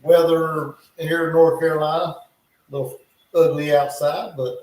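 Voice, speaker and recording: A man's voice: a little high, little pitch movement, moderate pace, darkish tone. A man hosting a casual livestream, reacting to a football game live with chatty play-by-play and muttered asides, at home. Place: home in North Carolina. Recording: echoey room.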